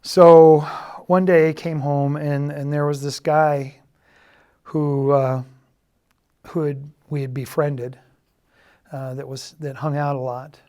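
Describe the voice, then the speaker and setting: A middle-aged man giving a halting, earnest confessional testimony, often dropping to a quiet, subdued tone. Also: fairly high pitch, flat delivery. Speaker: church member giving a personal testimony.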